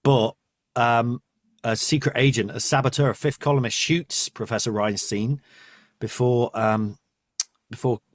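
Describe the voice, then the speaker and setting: A man's voice: medium pitch, steady tone, unhurried, no room sound, studio quality. A man hosting a podcast, chatting casually, often laughing and trailing off. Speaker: podcast host. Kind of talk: casual chat.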